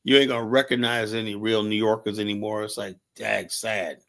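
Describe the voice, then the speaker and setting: A man's voice: fairly low pitch, level tone, brisk, gravelly, a bit bright. Male livestream host, casual rant, heated and profane delivery, rambles and restarts. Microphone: streaming setup mic.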